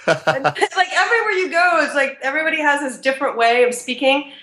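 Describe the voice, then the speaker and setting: A woman from Texas, a podcast interview guest, talking in a chatty, animated way with frequent ums. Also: high voice, fast, roomy sound. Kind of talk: casual conversational interview.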